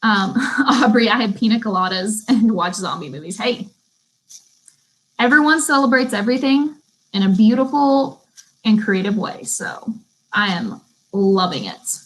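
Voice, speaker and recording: A woman's voice: fairly high pitch, normal speed, a bit bright, rough recording. Chatty woman teaching live. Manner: chatty, reads out viewer comments. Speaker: beauty school instructor. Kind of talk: casual live-stream class.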